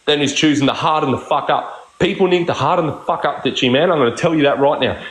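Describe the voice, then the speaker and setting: A man on a live stream, talking in a slightly high voice and swearing nonstop as he argues. He sounds combative and keeps ranting, and the room around him is echoey. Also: quick pace, few pauses, a bit bright. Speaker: livestream streamer. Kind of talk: heated live-stream argument.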